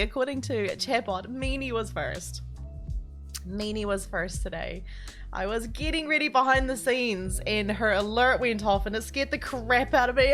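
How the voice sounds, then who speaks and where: A woman is live-streaming from her home, talking with her viewers in a warm, casual way. She greets them by name and laughs a lot, and her voice sits on the high side.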